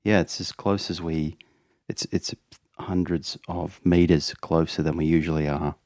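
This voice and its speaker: A man's voice: very deep voice, steady tone, normal speed, darkish tone, dry recording. A man co-hosting a podcast in casual chat, easygoing and dry, laughing along. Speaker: podcast co-host. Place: home room, remote call.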